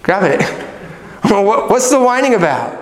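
Middle-aged male pastor, animated sermon delivery, very high pitch, long room reverb. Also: normal speed. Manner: animated, acts out people and God in quoted voices. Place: church sanctuary. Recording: echoey hall with long reverb.

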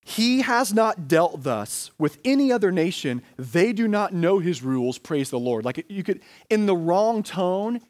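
A man's voice: sits high, very animated, a little slow, few pauses, a little mellow. A man with an American accent, a pastor preaching a sermon in a conversational way, often asking "right?" and saying "like".

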